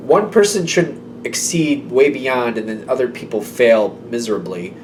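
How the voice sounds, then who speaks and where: A man's voice: medium pitch, moderate pace, few pauses, recorded from a distance, slight background noise. A man giving a casual tarot reading to camera. He talks in a loose, intuitive way, full of "like" and "um". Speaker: tarot reader.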